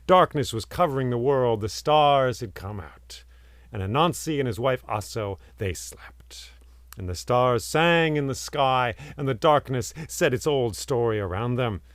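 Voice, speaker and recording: A man telling a folk tale aloud, expressive and lingering on vivid words, sometimes dropping to a hush. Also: mid-range voice, no room sound, clean studio sound. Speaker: storyteller and podcast host. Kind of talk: oral storytelling.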